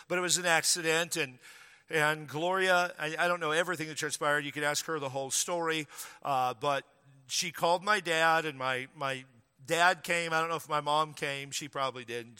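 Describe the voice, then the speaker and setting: Male pastor, storytelling sermon, bright and fairly high voice, long hall reverb. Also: smooth. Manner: conversational, humorous, building to emphatic preaching. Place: church sanctuary.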